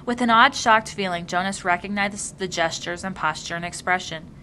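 A woman reading a novel aloud in a measured, even storytelling manner. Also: medium pitch, a little hiss or hum. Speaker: audiobook reader.

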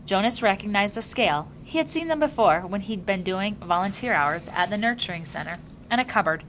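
A woman reading a novel aloud in a measured, even storytelling manner. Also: medium pitch, a little hiss or hum. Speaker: audiobook reader.

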